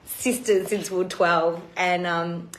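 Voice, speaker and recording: A woman's voice: fairly low pitch, steady tone, takes it slowly. Blunt, swearing woman, roomy echo. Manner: emotional, blunt, heavy swearing. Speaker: retreat host. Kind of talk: live-streamed personal talk.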